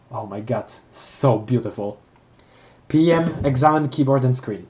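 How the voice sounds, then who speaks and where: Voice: mid-range voice, expressive, a little slow, a little mellow. A streamer reading a webcomic aloud on a live read-along, often stumbling over words and reacting with gasps and emotion. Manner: reads aloud with frequent stumbles and restarts.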